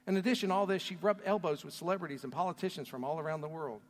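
A man preaching a sermon, telling a story earnestly, his voice swelling loud and then dropping to a near hush. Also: a little high, rapid-fire. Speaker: pastor. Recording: long hall reverb.

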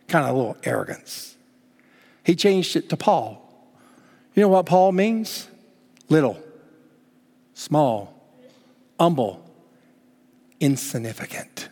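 A man preaching a sermon emphatically, swinging between loud exclamations and hushed words. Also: on the high side, animated, slow pace, pauses often. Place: church sanctuary. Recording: long reverb of a church hall.

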